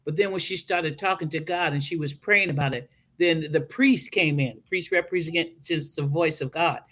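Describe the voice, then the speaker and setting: A woman's bright, forceful voice carries a podcast talk in a preaching style. She tells her story with animation and slips into the voices of the people in it. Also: low-pitched, moderate pace. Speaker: guest speaker.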